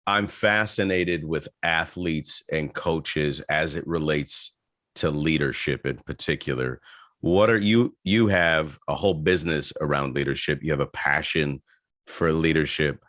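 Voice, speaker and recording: A man hosting a podcast, asking measured, curious questions of his guest. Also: a bass voice, a bit bright, no echo, clean studio sound. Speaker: podcast host. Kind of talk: interview questions.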